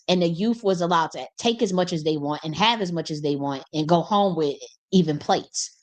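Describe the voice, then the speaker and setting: A young woman hosting a casual storytelling monologue, animated and colloquial, laughing often and swearing freely. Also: fairly low pitch. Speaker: host.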